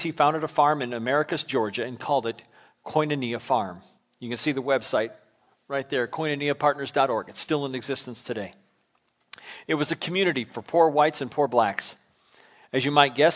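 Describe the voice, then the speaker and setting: A man preaching a sermon from the pulpit, with a middle-pitched voice. He tells a story and then puts searching questions to his listeners. His delivery is earnest. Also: fairly bright tone. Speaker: pastor.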